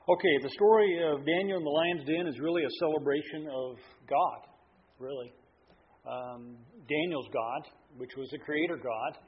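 A man preaches a sermon in a folksy, rambling storytelling manner, full of fillers and restarts. His voice sits a little high for a man. The recording sounds dull and lo-fi, with faint noise from the room behind him. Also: moderate pace.

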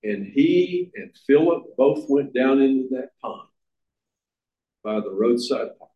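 A man preaching a sermon, slow and emphatic, repeating words for stress. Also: mid-range voice, expressive, dull audio. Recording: echoey room.

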